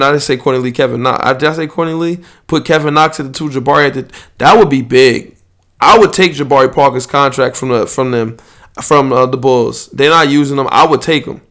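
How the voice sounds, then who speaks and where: A man's voice: medium pitch, a bit bright. A young man, hosting a podcast and rambling loosely and profanely in casual sports chat. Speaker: podcast host.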